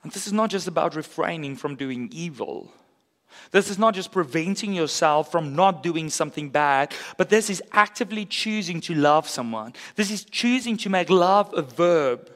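A pastor preaching a sermon in an earnest, conversational way with casual asides. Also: male voice, a little high, fairly bright tone, in a large hall. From South Africa.

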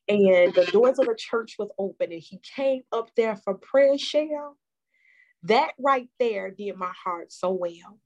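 A woman host from the Chicago area with a mid-pitched voice. She speaks like a preacher giving testimony, warm and fervent, and draws the listener into a heartfelt conversation.

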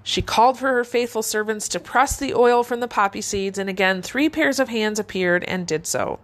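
A woman narrating a fairy tale in a measured, expressive way. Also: fairly high pitch. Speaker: storyteller.

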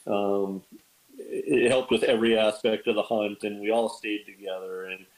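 A man guest on a podcast, telling stories in casual chat, lively and animated, acting out quoted lines with big jumps in pitch. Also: moderate pace, low-quality recording. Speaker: podcast guest, bird dog kennel owner.

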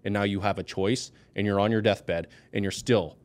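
Male podcast guest, lowish voice, intense and blunt, raw personal storytelling. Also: fairly even intonation, moderate pace, very noisy. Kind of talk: candid personal conversation.

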